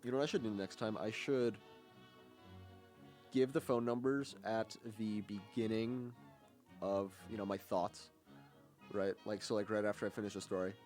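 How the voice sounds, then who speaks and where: A man's voice: lowish voice, fairly even intonation, moderate pace, pauses often, a little mellow, soft background music. A young man hosting a college radio show, chatting casually and rambling with lots of fillers and restarts. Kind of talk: casual on-air chat.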